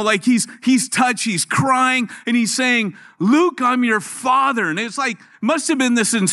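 A middle-aged man preaching a sermon in a church, telling jokes and stories as he goes. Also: very high-pitched. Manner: joking, storytelling, animated. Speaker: guest preacher.

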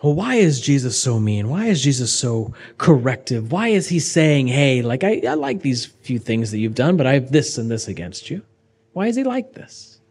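A young adult man preaching a sermon, conversational and animated, swinging between raised urgency and hushed asides. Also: medium pitch, normal speed, husky. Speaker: pastor.

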